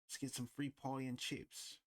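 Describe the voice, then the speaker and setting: A man's voice: mid-range voice, monotone, normal speed, no room sound, studio quality, pitched above the performer's own voice, natural voice. A man putting on a cheery, exaggerated British accent as a teasing friend. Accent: British, put on.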